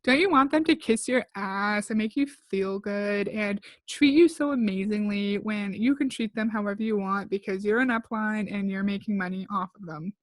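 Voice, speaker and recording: A woman's voice: medium pitch, moderate pace, few pauses, no echo. A woman commenting on a video clip, blunt and sarcastic. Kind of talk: critical reaction commentary.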